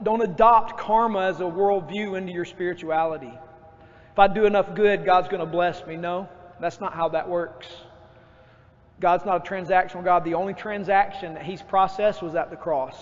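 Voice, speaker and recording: A man preaching a sermon as pastor, lively and acting out his own outbursts. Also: high-pitched. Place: church sanctuary. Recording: dull church recording with long reverb.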